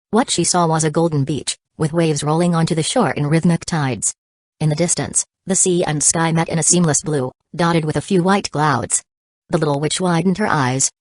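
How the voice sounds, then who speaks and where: Low-voiced woman narrating an audiobook. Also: darkish tone, dry recording.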